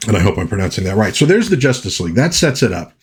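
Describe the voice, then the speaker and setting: A low, husky male voice talking through an old comic issue page by page. He rambles, stops to fix his own slips, and keeps the tone of a relaxed home video review. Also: rapid-fire. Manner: rambling, self-correcting. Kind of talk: casual comic review vlog.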